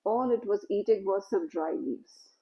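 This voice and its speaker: Lady telling a moral story, gentle and easygoing, mid pitch, kinda dull lo-fi sound. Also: measured pace. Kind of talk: spiritual storytelling.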